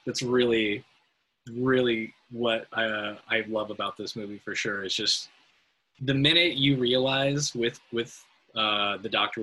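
A man's voice: mid-range voice, breathy edge, low-quality recording. A man hosting a casual film podcast, asking questions and agreeing with his guest. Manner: relaxed, affirming, asks guest questions, swears casually.

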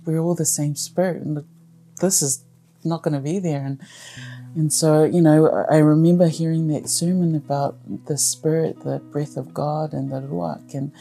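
Low, mellow-voiced New woman. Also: flat delivery, normal speed, vocal fry, soft background music. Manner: heartfelt, frank, laughs through hard memories. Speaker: family caregiver interviewee. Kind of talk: candid personal storytelling.

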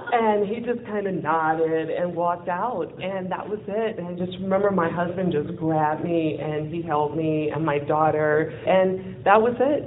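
A woman telling a personal story in a lively way, acting out what people said and laughing often. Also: lowish voice, a little slow, few pauses. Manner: lively, acts out quoted dialogue, laughs often. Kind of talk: personal storytelling with a closing lesson. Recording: phone-like narrow sound with faint noise.

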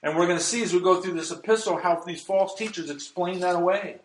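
A man's voice: sits high, fast, echoey room, slight background noise, rough recording. A man preaching a sermon as pastor, emphatic and reading scripture aloud.

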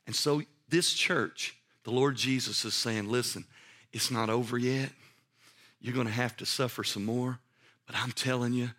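Male pastor, fairly high voice, sermon delivery swinging soft to forceful, chatty asides. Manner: swings between soft hushed passages and loud emphatic ones; repeats words when excited, conversational asides.

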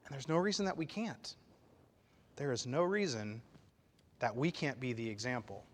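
Animated man preaching in a reverberant hall. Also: medium pitch, moderate pace. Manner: animated, emphatic, rising to loud peaks then dropping quiet. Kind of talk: sermon. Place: church sanctuary.

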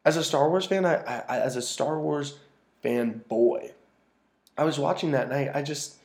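A man's voice: fairly high pitch, normal speed, creaky, darkish tone. A man ranting casually and profanely about a movie he disliked, exasperated and often restarting his sentences. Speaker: movie reviewer. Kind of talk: casual film rant.

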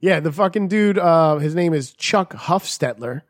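A man's voice: on the high side, expressive, a little slow, no room sound, clean studio sound. A man co-hosting a podcast, reading news stories aloud and riffing on them with crude, joking banter. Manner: profane, jokey, reads headlines then riffs. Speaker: podcast co-host.

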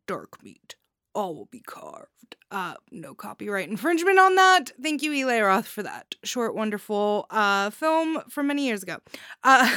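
A woman's voice: medium pitch, a bit bright, no echo, clean studio sound. A woman hosting a podcast, giving a casual, chatty review with bubbly enthusiasm and frequent giggles. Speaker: podcast host reviewing stories.

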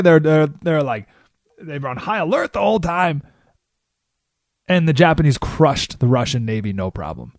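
Animated gravelly male radio host. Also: on the high side, no echo, clean studio sound. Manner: animated storytelling with frequent rhetorical "right?"; acts out quoted voices. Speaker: radio talk show host. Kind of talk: talk radio monologue.

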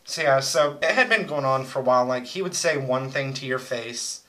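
A man's voice: mid-range voice, animated, fairly quick, pushed and bright, rough recording. A young man chatting casually as co-host, rambling through crude, joking stories about old roommates. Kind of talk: casual chat.

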